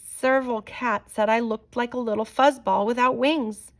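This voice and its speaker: Lady voicing a little fox boy, sulky and sorry, quick and bit higher, storybook. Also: fairly even intonation. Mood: sheepish. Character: small sulky male fennec fox.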